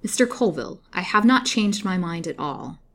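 A woman voicing a frail young captive woman with a soft, flute-like voice in a storybook reading. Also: fairly low pitch, a little fast, lightly acted. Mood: cold firm.

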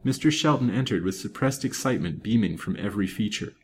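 A man reading a serialized novel aloud in a measured, expressive way. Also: lowish voice, a little hiss or hum. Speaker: storytime reader.

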